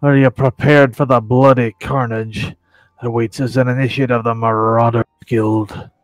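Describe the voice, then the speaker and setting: A man putting on a gruff pirate guild master. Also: mid-range voice, flat delivery, moderate pace, no room sound, voice pushed down, natural voice. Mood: stern. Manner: mock pirate growl, rolling declamation.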